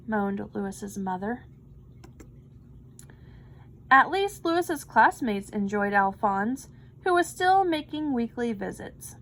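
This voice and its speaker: A woman reading a children's picture book aloud with slow, expressive delivery. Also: on the high side, rough recording. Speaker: storybook reader.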